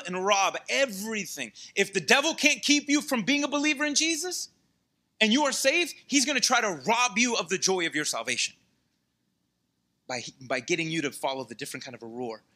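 A man delivers a sermon in a high, very bright voice. He preaches casually and with energy, turning to his listeners with quick asides. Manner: conversational, animated preaching with asides to the congregation. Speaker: pastor.

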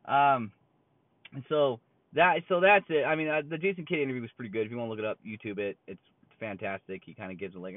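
A man's voice: mid-range voice, animated, fast, no echo. A man ranting casually about basketball in a blunt, rambling way, full of fillers and restarts. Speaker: sports commentator. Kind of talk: casual sports opinion rant. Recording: tinny phone-like sound, dry.

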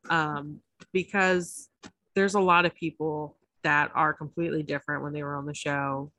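Low-voiced woman podcast co-host. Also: moderate pace, no echo. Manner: chatty, swears freely, animated asides. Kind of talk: casual chat about reality TV.

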